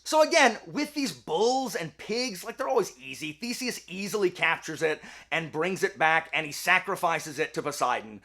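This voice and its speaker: Man, high voice, bright tone, casual myth retelling, jokey, chatty. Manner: chatty, jokey, many fillers. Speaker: host and storyteller.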